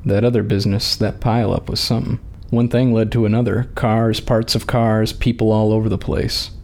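A man's voice: on the low side, little pitch movement, moderate pace, gravelly, darkish tone. A man reading aloud and voicing a blunt, plain-spoken farmer who welcomes guests with folksy talk. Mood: gruff.

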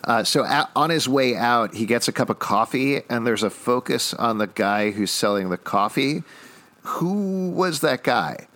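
A man's voice: medium pitch, expressive, a little slow, fairly bright tone. A man hosting a casual podcast, recapping a TV episode with lots of "uh" fillers. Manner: chatty, recaps plot with frequent "uh" fillers. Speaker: podcast host.

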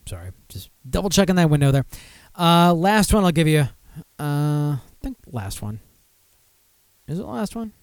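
A man hosting a casual live beer show with a slightly high voice, talking into a close, dry mic. He rambles to himself and bursts into mock-outraged rants. He moves between chatty asides and reading out listings. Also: moderate pace, clean tone, no echo. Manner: animated, mock-outraged outbursts and rambling self-talk. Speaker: podcast host.

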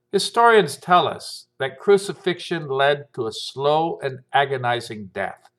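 Priest with a lively, rising reading voice. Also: male voice, on the high side. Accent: American. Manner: expressive reading, lifting his voice for quoted speech. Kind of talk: gospel reading and homily.

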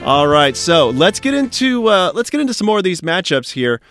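A man's voice: high voice, sing-song, normal speed, fairly bright tone, faint music behind. Chatty, upbeat podcast host man. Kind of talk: casual podcast chat.

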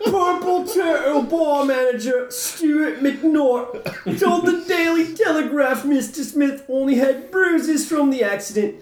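A man voicing a rowdy male cockney hooligan reading out a news story, in a loud, laughing, overdone put-on accent. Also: very high voice, takes it slowly, roomy sound, voice pushed up.

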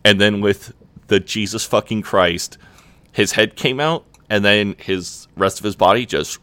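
Young man, very low voice, loose storyteller, swears freely, dry close mic. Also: unhurried, bright, forceful tone, clean tone, no echo. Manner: laid-back, swears often, lots of "like" fillers. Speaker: podcast co-host. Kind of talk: casual chat, storytelling.

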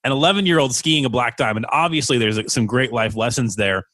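A man co-hosting a podcast, asking relaxed, probing questions. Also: medium pitch, fast talker, no room sound. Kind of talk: conversational interview.

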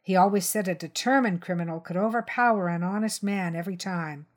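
A woman reading a crime short story aloud in first person, steady and tense. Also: lowish voice, a little fast. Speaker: story reader.

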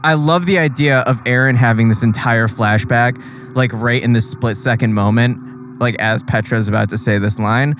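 A man's voice: medium pitch, moderate pace, fairly bright tone. A man co-hosting a podcast, chatting casually and profanely about an anime episode, laughing often and acting out quotes. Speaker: podcast co-host. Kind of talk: casual anime recap chat. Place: in a car.

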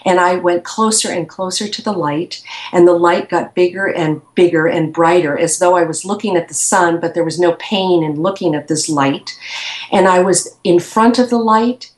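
A woman guest slowly and reflectively recounting a personal experience in an interview. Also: fairly low pitch, echoey room.

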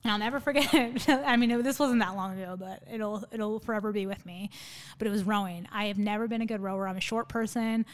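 A woman's voice: medium pitch, steady tone, fast. A woman guest chatting casually in an interview, telling a story in a sarcastic, talkative way with lots of fillers. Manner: sarcastic, by her own account; chatty, with many fillers and laughs.

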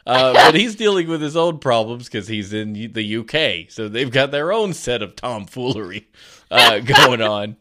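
A man's voice: medium pitch, normal speed. Guy on a podcast, chatty, laughs a lot, voice goes up and down a ton. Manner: laughs often, animated storytelling. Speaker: podcast co-host. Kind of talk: casual chat, reading news aloud.

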